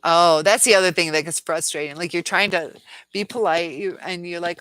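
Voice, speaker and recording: A woman's voice: fairly low pitch, fairly even intonation, fast talker, fairly bright tone, no echo. A woman hosting a casual live stream, answering viewer comments in a chatty way, laughing often, with many fillers and restarts.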